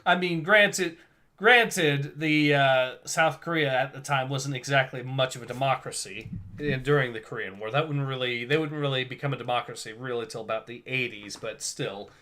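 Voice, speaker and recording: Bright-voiced, chatty male livestreamer. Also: medium pitch, normal speed. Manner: chatty, laughs often, reads chat aloud. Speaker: livestream host reading comics. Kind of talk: casual livestream chat.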